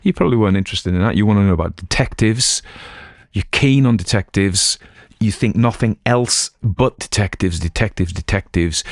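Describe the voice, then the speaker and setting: Low-pitched and recorded in a clean studio without echo, this middle-aged Cumbrian audiobook reader and channel host chats loosely. His talk wanders from topic to topic, with plenty of self-deprecating humor.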